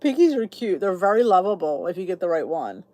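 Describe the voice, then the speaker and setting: A woman's voice: fairly low pitch, very animated, brisk, mellow, dry recording. A woman hosting her own channel, chatting casually with viewers and answering their comments. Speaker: YouTube channel host. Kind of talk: casual live chat with viewers.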